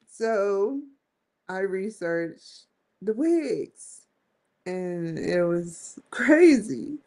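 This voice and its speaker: Slow-talking casual woman host. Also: mid-range voice, sing-song, a little mellow. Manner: rambling, slangy, giggly. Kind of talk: casual live-stream chat.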